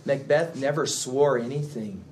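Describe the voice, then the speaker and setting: A middle-aged man giving an emphatic classroom lecture on a play, animated and quick to chuckle as he explains. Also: medium pitch, slight background noise. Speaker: literature teacher.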